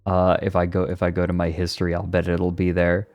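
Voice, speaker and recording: A man with a fairly low voice streams casually, reading an article aloud and cutting in with rambling, profane asides. Faint music plays softly underneath him. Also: monotone, fairly quick, no room sound, muffled recording. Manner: profane, rambling asides between read passages.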